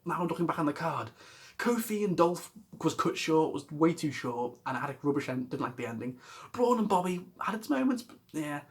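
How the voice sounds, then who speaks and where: Man, fairly high voice, rambling casual vlog, exasperated, swears a lot. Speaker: wrestling vlogger.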